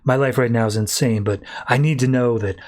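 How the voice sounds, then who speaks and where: A man's voice: medium pitch, steady tone, brisk, darkish tone, lightly acted. A man voicing a charming, cocky young male hero in a casual comic recap, close to his own voice. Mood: breezy.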